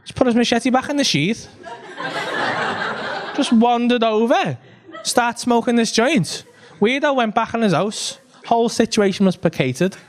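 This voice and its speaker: A man with a Liverpool accent doing stand-up, telling a long story in an animated, swearing way and acting out the people in it, on a comedy club stage. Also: extremely high pitch, a little slow.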